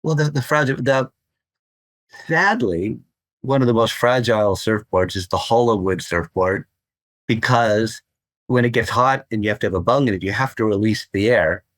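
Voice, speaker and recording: An older man who crafts surfboards is a guest on a podcast interview, speaking at normal speed in a fairly low, slightly bright voice. He rambles enthusiastically and often repeats words. The recording is close and dry with no room sound.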